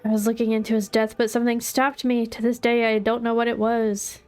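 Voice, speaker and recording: A woman's voice: a little high, flat delivery, brisk, a little mellow, smooth, soft background music, lightly acted. Woman reading as a grieving ghost widow. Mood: pleading.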